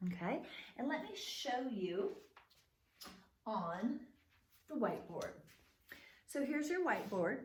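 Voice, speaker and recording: A woman preschool teacher leads a letter lesson in a slow, unhurried, sing-song voice, encouraging and patient. She sounds some distance from the camera, and the room around her is echoey. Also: on the high side, sing-song, slight background noise. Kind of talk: video lesson for young children. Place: classroom or home room with whiteboard.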